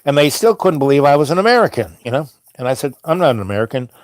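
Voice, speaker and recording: A middle-aged man tells a wandering, anecdotal story, stumbling over restarts and filler words. His voice sits a touch high for a man. The recording is close and dry, with no room sound. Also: very animated, fast, no room sound. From New York. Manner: meandering, many fillers and restarts. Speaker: host. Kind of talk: rambling storytelling monologue.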